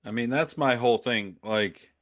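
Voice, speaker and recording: A man's voice: medium pitch, moderate pace, a bit bright, no echo. Middle-aged guy hosting a politics podcast, sarcastic, dry close mic. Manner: wry, sarcastic, laughs often. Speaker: podcast host. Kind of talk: casual opinionated chat.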